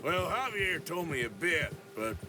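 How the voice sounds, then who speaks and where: A weary young outlaw in a western video game drawls slowly and reflectively. His voice is pitched high, and music runs under the dialogue. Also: sing-song. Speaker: game character.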